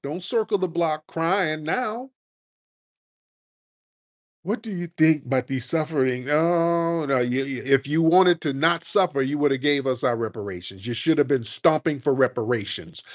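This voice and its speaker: Combative radio host, man, mocking and animated, fairly high voice. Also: normal speed. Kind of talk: talk radio rant.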